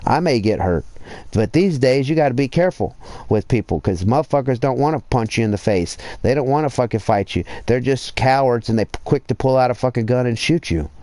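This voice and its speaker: A man on a livestream, ranting profanely and rambling, his voice swelling loud when he presses a point. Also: medium pitch, lively intonation, fairly quick, no room sound. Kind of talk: casual livestream rant.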